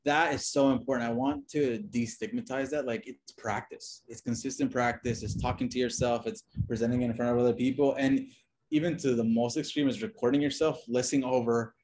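A man's voice: medium pitch, fairly even intonation, fairly quick, darkish tone, slight background noise. Casual male guest, loose chatty delivery. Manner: loose, conversational, many fillers and restarts. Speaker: designer and podcast guest. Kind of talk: casual interview chat.

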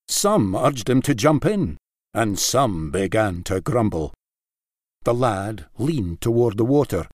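A man narrating a rhyming story with an expressive, lilting verse delivery. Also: fairly low pitch, takes it slowly, no echo, clean studio sound.

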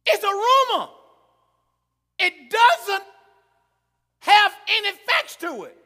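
A man preaching a sermon, shouting and emphatic, with a folksy manner. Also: extremely high pitch, sing-song, slow pace. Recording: long reverb of a large hall.

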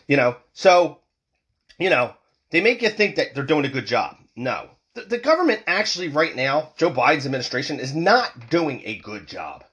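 A man's voice: on the high side, sing-song, normal speed, fairly bright tone. A man in his forties from the United States, ranting angrily and profanely as a vlogger, with heated repeated restarts. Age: 40s. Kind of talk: angry political rant.

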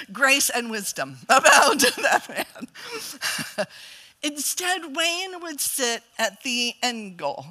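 A woman's voice: a little high, pushed and bright. A middle-aged woman preaching a sermon as a guest speaker, telling family stories with humor and frequent laughs. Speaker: guest preacher, college president. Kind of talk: storytelling sermon.

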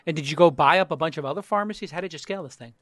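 A man hosting a podcast in casual conversation, telling stories with rising excitement and acting out quotes. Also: fairly high pitch, rapid-fire, no room sound, clean studio sound. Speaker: podcast host. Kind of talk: casual chat, retelling a film scene.

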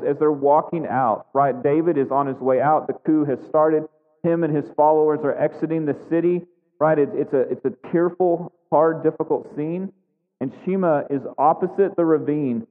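A male preacher teaches scripture in a chatty, conversational way, full of restarts and tag questions. His voice sits on the high side. The sound is thin and phone-like, with long hall reverb. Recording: tinny echoey hall recording.

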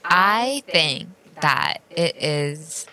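A young woman co-hosts a casual podcast chat, talking at an unhurried pace with a bright, clear tone. Her pitch moves around a lot as she tells stories and laughs. She sounds teasing and giggly, with a slight echo around her. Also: lively intonation. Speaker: podcast co-host. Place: small room with a slight echo.

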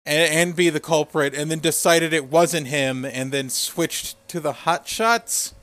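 A man's voice: on the high side, measured pace, a bit bright. A man co-hosting a casual wrestling recap, retelling scenes with crude humor and frequent laughs. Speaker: podcast co-host.

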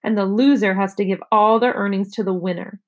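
A woman's voice: mid-range voice, steady tone, a little fast, lightly acted. A woman reading aloud, voicing a proud, bossy young girl with a snappy, indignant way of talking.

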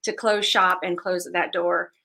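A woman in her forties, a guest and business owner, telling her story in an animated, faith-filled way and acting out voices as she goes. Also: fairly low pitch, measured pace, creaky. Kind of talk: conversational interview storytelling.

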